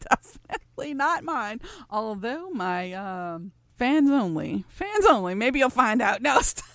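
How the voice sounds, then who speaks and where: A woman's voice: on the high side, lively intonation, a little slow, a bit bright, no room sound. A woman hosting her own show, reading out listener questions and answering them in a chatty, teasing way, laughing often and rambling with restarts. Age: adult, past college. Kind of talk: casual solo chat show.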